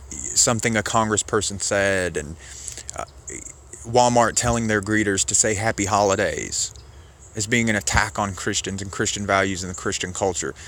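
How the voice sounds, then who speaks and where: A man's voice: lowish voice, a bit bright. A man giving casual political commentary, argumentative and sarcastic, rambling as he rebuts a clip.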